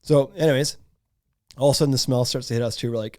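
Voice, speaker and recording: A man, hosting a podcast and telling a story in casual chat, animated and laughing often. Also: medium pitch, fast, dry recording, studio quality. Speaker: podcast host.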